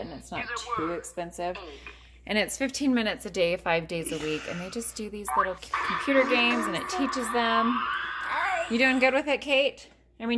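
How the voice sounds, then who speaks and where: A mother in her thirties chats casually at home in a vlog about teaching her kids, her voice on the lower side with background noise behind it. She rambles, restarts often, fills her talk with "like," and slips into sing-song praise for her children.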